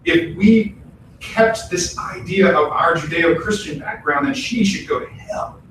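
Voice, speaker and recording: Temple minister, male, high pitch, relaxed and animated preacher; recorded from afar in a reverberant hall. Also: measured pace. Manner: animated, acts out quoted voices, chatty asides. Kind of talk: casual conversational sermon. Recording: echoey hall, distant mic, faint noise.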